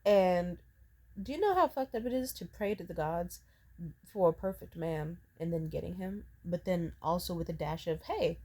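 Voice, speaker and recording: A woman's voice: lowish voice, moderate pace, darkish tone. A woman in her twenties venting in a rambling, profanity-heavy personal rant. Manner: profane, rambling, emotionally charged. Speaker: vlogger. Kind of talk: ranting personal vent.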